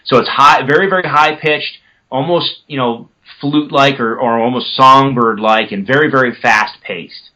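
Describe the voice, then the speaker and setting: A man's voice: medium pitch, moderate pace, bright, forceful tone, muffled recording. A man casually explaining turkey calls on a podcast, now and then mimicking yelps with his own voice. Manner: conversational, self-correcting.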